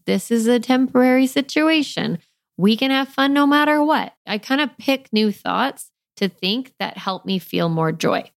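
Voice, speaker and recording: A woman in her thirties hosts a casual solo parenting podcast with a relaxed, confiding warmth of manner. She keeps asking herself questions out loud and fills her talk with "like," and a touch of gravelly fry runs through her voice. The sound is dry and close, with no room behind her. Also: fairly low pitch, no room sound. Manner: chatty, gentle, lots of "like" and self-questions. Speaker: podcast host and parenting coach.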